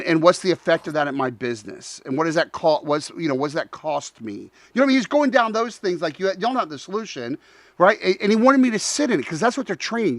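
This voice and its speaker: A man hosting a talk show, telling a story in a lively, animated way, acting out both sides of a conversation and talking straight to his audience. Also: sits high, dry recording. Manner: frequent restarts, addresses audience as y'all.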